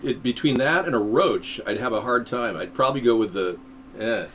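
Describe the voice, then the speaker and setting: A man's voice: medium pitch, normal speed, a bit bright, a little hiss or hum. A man who is a third-party presidential candidate, hosting a live stream in rambling, easygoing chat.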